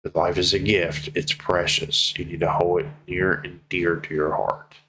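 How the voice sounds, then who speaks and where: A man's voice: sits low, little pitch movement, normal speed, noisy background. A young man speaking to his viewers in a personal vlog update, emotional, heartfelt and casual, with some swearing. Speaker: vlogger.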